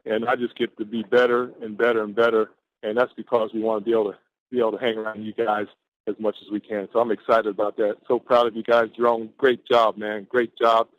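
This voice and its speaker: A man's voice: lowish voice, level tone, brisk, dry recording. A man, from Atlanta, giving an exuberant, preacher-like motivational pep talk on a conference call and stretching out his key words. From Atlanta, Georgia, USA. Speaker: caller on a team conference call. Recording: dull lo-fi conference call audio.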